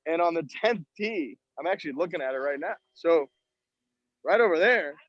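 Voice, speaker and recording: A man's voice: on the high side, expressive, moderate pace, a bit bright, no room sound, dull audio. A man co-hosting a podcast, calling in from outdoors at a golf tournament and telling self-mocking, profane stories about his round. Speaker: podcast co-host. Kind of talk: casual chat.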